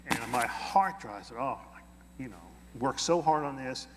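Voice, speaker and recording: A man being interviewed, telling an anecdote in a lively way and acting out the quoted dialogue. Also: medium pitch, a little slow, long reverb tail, background noise. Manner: animated, acts out quoted dialogue. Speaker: interview guest. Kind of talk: anecdotal storytelling.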